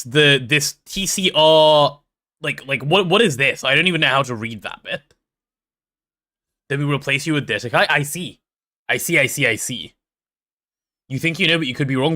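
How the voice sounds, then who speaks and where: A man's voice: on the high side, sharp tone. A young man with a posh London accent chatting casually on a live stream, reading chat aloud and hamming up mock drama. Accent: London English. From England.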